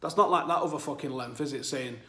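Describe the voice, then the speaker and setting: A man's voice: medium pitch, fast, pushed and bright, echoey room. A man hosting a football channel, talking candidly to his audience from home and swearing freely. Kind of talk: casual monologue to camera. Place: at home, new flat.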